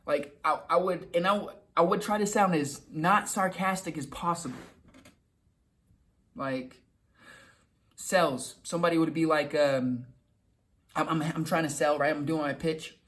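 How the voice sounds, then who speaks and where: Young man, motivational host, casual rambling talk, slightly high pitch, acts out quotes. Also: a bit bright. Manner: conversational, repeats himself, acts out quick quoted lines. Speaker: self-help video host.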